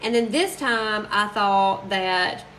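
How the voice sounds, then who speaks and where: Chatty woman with a bright voice. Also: medium pitch, slight background noise, rough recording. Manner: chatty, gushing, quick to laugh. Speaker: crafter live-streaming. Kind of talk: casual live-stream chat while crafting.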